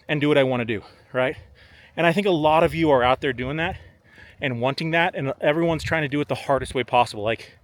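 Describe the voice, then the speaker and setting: A man's voice: fairly high pitch, no room sound. A young man, a trader, chatting casually to camera outdoors on a golf course, a bit out of breath, peppering his talk with "like" and "man". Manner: relaxed, chatty, uses "like" and "man" a lot. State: slightly out of breath. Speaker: options trader and vlogger.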